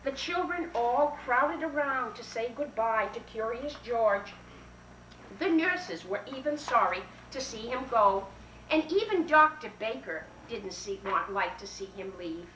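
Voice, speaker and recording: A woman reading a picture book aloud to children in a library, lively and animated, coaxing the little ones along. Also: high voice, measured pace, slight background noise. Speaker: children's storyteller and French teacher. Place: library story-hour room. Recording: roomy 1970s library tape, mic far off.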